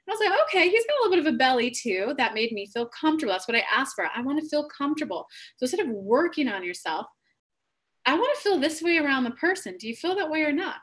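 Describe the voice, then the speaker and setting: Her voice is high and fairly bright as she hosts a live reading stream. She chats casually and candidly, telling stories with bubbly energy.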